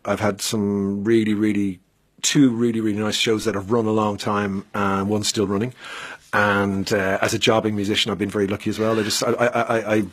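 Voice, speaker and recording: A middle-aged Irish man, a musician and actor, telling lively stories in a radio interview with frequent restarts. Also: on the low side, brisk. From Ireland. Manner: animated anecdotes with many restarts. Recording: radio studio.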